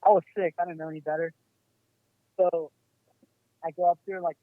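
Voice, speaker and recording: A man's voice: fairly high pitch, little pitch movement, a little fast, long pauses, dry recording. A man telling a story as a podcast guest, rambling casually with lots of "like" and swearing. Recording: tinny phone-like sound.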